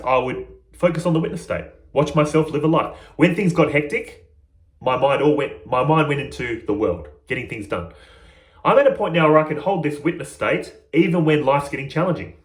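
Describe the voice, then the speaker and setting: A man's voice: fairly high pitch, roomy sound. A man giving an informal, earnest spiritual lesson to his viewers in a conversational way. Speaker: spiritual teacher.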